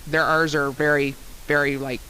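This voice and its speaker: A man's voice: on the high side, flat delivery, normal speed, pushed and bright, a little hiss or hum, poor audio. A man, a student actor, chatting casually in an interview, rambling with many restarts.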